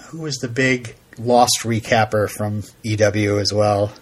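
Male podcast co-host, husky voice, rambling anecdotes and bursts of laughter. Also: lowish voice, fairly even intonation, unhurried. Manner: rambling, laughs often, acts out quotes. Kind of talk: casual chat.

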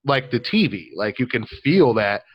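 A man's voice: mid-range voice, sing-song, moderate pace, breathy edge, lo-fi sound. A man chatting casually on a podcast, telling a story with lots of ums and likes. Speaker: podcast co-host. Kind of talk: casual chat.

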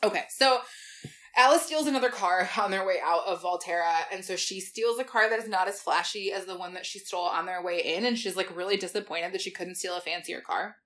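A woman's voice: mid-range voice, brisk, fairly bright tone. Casual, sarcastic woman recapping a book. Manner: sarcastic, swears freely, recaps with quoted asides. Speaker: podcast co-host. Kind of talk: casual book-discussion chat.

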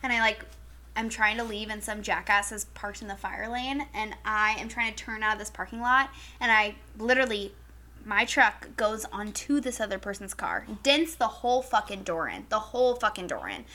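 A young woman co-hosting a podcast, telling animated, profane stories in casual chat. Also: medium pitch, moderate pace. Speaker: podcast co-host.

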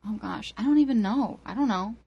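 A woman guest musician in casual chat, talkative and quick to laugh. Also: medium pitch, dark tone, breathy edge, lo-fi sound. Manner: laughs easily, chatty and playful.

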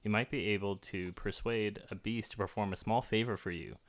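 A man's voice: fairly low pitch, steady tone, a little fast. A man playing a tabletop game, talking in a casual, rambling way with frequent filler words. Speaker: player.

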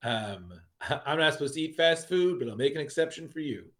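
A man's voice: fairly high pitch, animated, moderate pace, a bit bright. A man co-hosting a casual podcast, rambling through a horror comic with lots of fillers and restarts, acting out lines as he goes. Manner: rambling, many restarts and fillers, acts out quotes. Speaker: podcast co-host. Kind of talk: casual comic book review chat.

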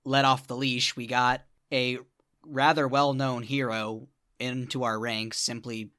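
A man's voice: medium pitch, flat delivery, unhurried, sharp tone, dry recording, clean studio sound. A man playing a scheming young operative, laying out his case in a matter-of-fact way. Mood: persuasive.

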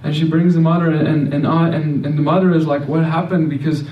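A man's voice: a little high, flat delivery, fast talker, highs cut off. Man sharing a faith testimony, earnest, tumbling restarts; recorded from a distance in a roomy space. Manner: earnest storytelling with frequent restarts and repeated words. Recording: roomy echo, mic at a distance.

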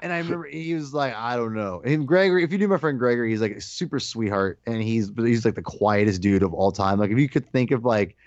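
A man in casual podcast chat, telling an animated story and acting out his own shouted lines. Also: medium pitch, quick pace, hardly any pauses, no echo. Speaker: podcast guest co-host. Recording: dull lo-fi dry sound.

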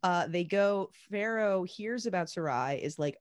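A woman's voice: fairly low pitch, animated, measured pace. A woman co-hosting a podcast in casual chat, retelling a story in irreverent slang with lots of fillers. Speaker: podcast co-host.

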